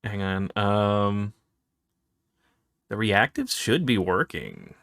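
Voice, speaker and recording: A low-voiced man running a tabletop game, often talking half to himself as he clicks through menus. The sound is dry and close, with no room around it. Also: lively intonation, takes it slowly, vocal fry, no echo. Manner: mutters to himself while clicking through software. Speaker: game master. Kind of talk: casual chat while setting up a tabletop game.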